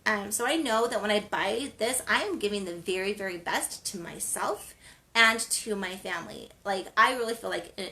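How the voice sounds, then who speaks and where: A woman's voice: mid-range voice, moderate pace, creaky, bright, forceful tone. A woman hosting a wellness show, talking casually and rambling, with frequent ums and restarts. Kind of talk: casual spoken segment.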